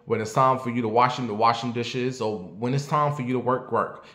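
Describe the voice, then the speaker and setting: Man, late 30s, show host doing casual commentary; blunt and profane, mid pitch, echoey room. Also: brisk, hardly any pauses, bright, forceful tone. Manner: blunt, profane and talkative, asking the audience questions. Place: at home.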